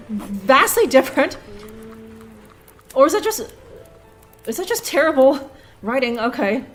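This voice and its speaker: A woman's voice: sits high, sing-song, moderate pace, long pauses, soft background music. A woman streaming a detective game live, rambling and laughing as she sounds out German words with frequent curses. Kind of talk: casual live gameplay commentary.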